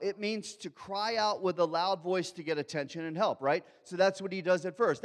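A man preaching a sermon as a pastor, swinging from soft asides to loud, fervent outbursts. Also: high-pitched, measured pace. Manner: animated preaching, shifts from soft asides to loud shouted quotes. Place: large church hall. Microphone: handheld or headset microphone. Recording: long hall reverb.

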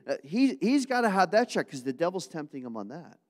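A man preaching a sermon to his congregation, swinging from hushed asides to loud, impassioned appeals. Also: fairly high pitch, big pitch swings, fairly quick, in a large hall. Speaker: pastor.

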